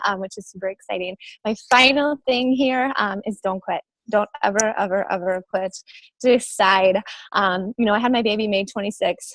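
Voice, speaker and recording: A woman's voice: medium pitch, no echo, low-quality recording. A young woman on a video call giving an emotional, gushing motivational sales talk, with frequent ums. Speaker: guest speaker on a team call.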